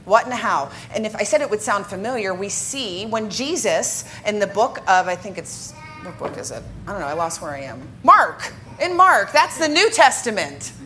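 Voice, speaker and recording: Woman, worship director, church teaching, lively, joking with the congregation, mid-pitched voice, faint rumble behind. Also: moderate pace. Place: church sanctuary before a congregation.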